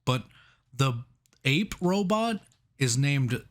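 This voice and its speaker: A man co-hosting a casual movie review podcast, laughing often and restarting his sentences as he thinks out loud. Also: mid-range voice, very animated, takes it slowly. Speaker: podcast co-host.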